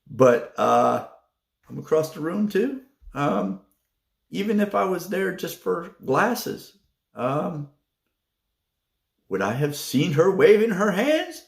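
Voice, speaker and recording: A man hosting his own channel, telling a personal story in a slow, halting way with many fillers. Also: medium pitch, vocal fry, reverberant. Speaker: channel host. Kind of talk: casual storytelling vlog.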